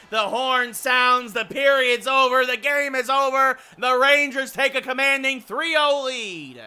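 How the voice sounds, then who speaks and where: A man calling play-by-play for a hockey video game as a streamer, with excited announcer calls that build to shouts and relaxed chatty replies to viewers. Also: extremely high pitch, a little slow, few pauses, clear, resonant tone. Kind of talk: mock sports commentary mixed with chat replies.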